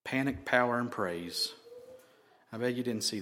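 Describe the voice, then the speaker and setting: A male pastor preaching a sermon and closing in prayer, rising loud on key phrases and dropping to a whisper. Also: medium pitch, measured pace, slight background noise.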